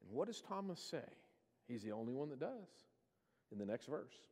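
A man's voice: medium pitch, big pitch swings, moderate pace, warm tone. A man preaching a sermon, telling scripture stories and acting out the voices of the people in them. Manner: storytelling, acting out quoted voices. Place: church sanctuary. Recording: church hall reverb.

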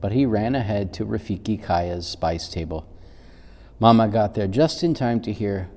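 A male pastor giving a children's sermon, reading a storybook gently and unhurriedly. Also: fairly low pitch, moderate pace, in a large hall.

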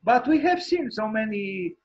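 A male architect hosting an informal online lecture, talking in a halting way with many fillers and restarts, frank and wryly opinionated. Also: high-pitched, very animated, gravelly, darkish tone, highs cut off. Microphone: video call microphone.

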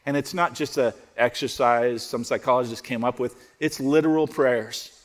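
A man preaching a sermon as pastor, conversational and joking, dropping to soft prayerful tones. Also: medium pitch, normal speed, in a large hall. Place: church auditorium.

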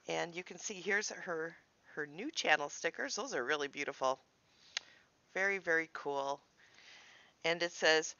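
A woman's voice: on the low side, unhurried, sharp tone, clean tone, dry recording, lo-fi sound. A woman vlogging in a cheerful, sing-song way as she opens her mail at home. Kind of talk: casual vlog chat.

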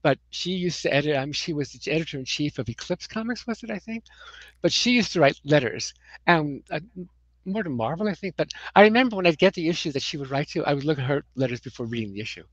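A woman's voice: deep voice, animated, fast talker, dry recording, poor audio. An American woman in a casual interview, telling rambling anecdotes with many "you know"s and chuckles. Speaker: comics writer, guest.

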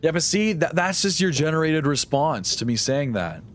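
A man's voice: a little high, big pitch swings, normal speed, fairly bright tone, slight background noise. Rambling sarcastic young man streaming. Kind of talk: casual live-stream chat while gaming.

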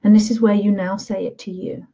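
A woman teacher leading a guided self-love session in a slow, soothing, gentle way. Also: mid-range voice, little pitch movement, breathy edge, highs cut off. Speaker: spiritual teacher.

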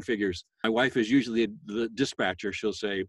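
A voice actor talking casually to a school class, chatty and self-deprecating, with many fillers and bursts of a loud sales voice. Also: male voice, lowish voice, normal speed, husky, no echo. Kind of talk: casual interview talk.

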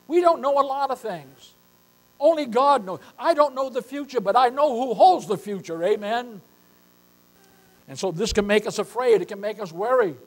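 A man's voice: very high-pitched, poor audio. An older man preaching a sermon as pastor, emphatic and repeatedly calling his listeners beloved.

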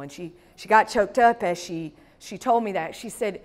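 A woman's voice: medium pitch, normal speed, hardly any pauses, a little mellow. A woman pastor preaching a sermon, telling folksy stories in a chatty, conversational way with side remarks. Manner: conversational, folksy storytelling with asides. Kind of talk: storytelling sermon.

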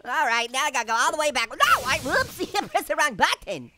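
A man voicing a cheeky, hyper male talking orange in a cartoon game let's-play, cracking puns and giggling through the commentary in a squeaky, pitched-up voice. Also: expressive, quick pace. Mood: goofy. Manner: punning, giggly, constant jokes and laughter. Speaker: gaming commentator. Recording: noisy hissy recording.

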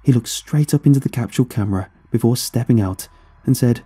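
Dark husky male horror narrator. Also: mid-range voice, faint music behind. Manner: somber, measured storytelling.

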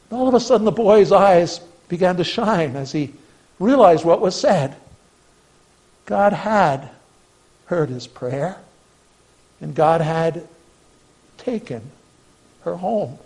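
A male pastor delivering a sermon in a notably high voice. He speaks with earnest conviction, pressing hard on key phrases and then dropping almost to a murmur. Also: animated, slow, pauses often, slightly rough, low-quality recording. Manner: earnest preaching, swings from emphatic to hushed.

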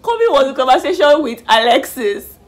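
A woman chatting casually in a lively, animated way as she reviews a reality show. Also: sits high, normal speed. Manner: lively, animated retelling with slang. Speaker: YouTube reviewer.

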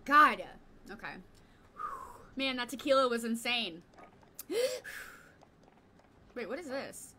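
A young woman streaming a video game, chatting casually with viewers, excitable and quick to swear and yell in frustration. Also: on the high side, a little hiss or hum. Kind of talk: casual live-stream chat while gaming.

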